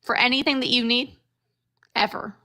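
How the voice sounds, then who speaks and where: Bright-voiced indignant woman debating. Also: fairly high pitch, fairly even intonation. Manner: indignant, emphatic, quick rhetorical questions. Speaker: debate participant. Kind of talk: heated debate.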